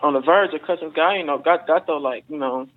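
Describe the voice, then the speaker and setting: A fairly high-pitched man talks fast over a narrow, phone-like line. He's an MMA fighter being interviewed, and he rambles through stories casually, full of fillers and swearing.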